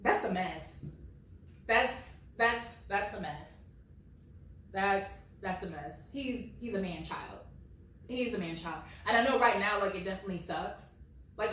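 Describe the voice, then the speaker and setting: A woman in her late twenties reading reddit stories at home with blunt, animated commentary, peppered with "like". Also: mid-range voice, moderate pace. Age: late 20s. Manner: blunt and animated, heavy use of "like". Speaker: reddit story reader. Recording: very echoey room, far from mic.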